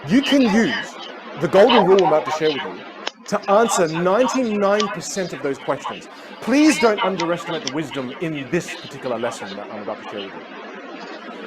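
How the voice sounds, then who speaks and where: An energetic man coaching from a stage, emphatic and playful, his pitch swinging in a lively way. A loud audience and heavy noise sit under his voice. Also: normal speed, a loud crowd. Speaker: communication coach. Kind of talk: live motivational talk on stage.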